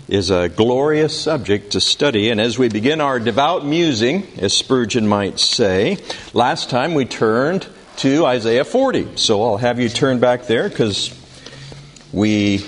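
A man leads a Bible study in a classroom, talking at an unhurried, measured pace. His voice sits in an ordinary middle register. He reads the scripture passages aloud with deliberate emphasis. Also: mid-range voice. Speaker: Bible teacher. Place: classroom with a board.

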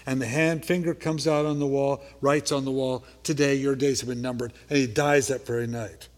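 A male pastor preaching a sermon. He talks conversationally, checks in with "okay?", and swings from loud emphasis to quiet asides. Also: mid-range voice, steady tone, normal speed. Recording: reverberant hall.

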